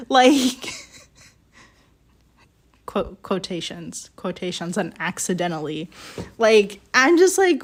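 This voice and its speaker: Slow, rambling young woman chatting. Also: on the high side, animated. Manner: rambling storytelling with many fillers and laughs. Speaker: streamer working on ceramics. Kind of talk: casual chat while working. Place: home pottery studio.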